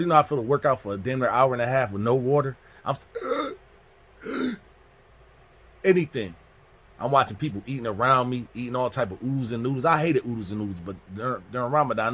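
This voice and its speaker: A man's voice: medium pitch, quick pace, a bit bright. A man casually telling a story from prison, acting out the other people in it. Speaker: storyteller host.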